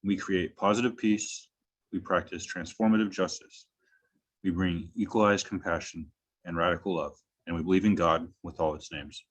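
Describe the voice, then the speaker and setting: A man reciting a church mission statement in a measured, declamatory way over a video call. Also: sits low, steady tone.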